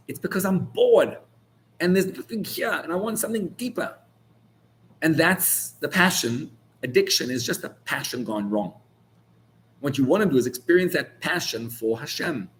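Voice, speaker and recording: A man's voice: mid-range voice, slight background noise. A man, a rabbi, giving an informal Torah class in a searching, conversational way, full of restarts, that builds to heated emphasis on key words.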